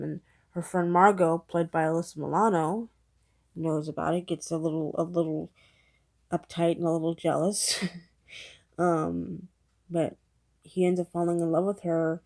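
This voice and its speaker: A woman's voice: lowish voice, gravelly, darkish tone. A woman giving a casual, rambling spoken movie review, retelling the plot with lots of fillers.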